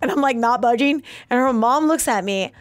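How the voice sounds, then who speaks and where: In a fairly high, brisk voice, a woman co-host spins a long story with plenty of laughter and acted-out voices. There's no echo, and soft music plays in the background.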